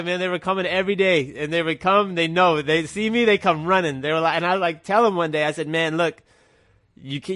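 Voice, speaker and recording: A man's voice: fairly high pitch, a bit bright, no room sound, clean studio sound. Stuffy-nosed man telling a rambling story. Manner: rambling, loose, says "man" a lot. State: stuffy nose. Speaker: guest. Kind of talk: casual storytelling.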